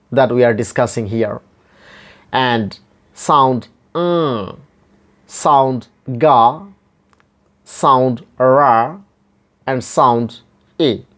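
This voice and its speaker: Slow, deliberate male phonetics teacher. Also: medium pitch, fairly bright tone. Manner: slow and deliberate, repeats each word and spells it out. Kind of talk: slow pronunciation lesson.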